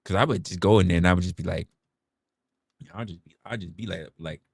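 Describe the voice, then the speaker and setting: A young man on a livestream, telling a story to his viewers in a casual, profane, animated way and acting out quotes. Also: deep voice, brisk, gravelly, pauses often, slightly rough, no echo, studio quality. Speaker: livestream host.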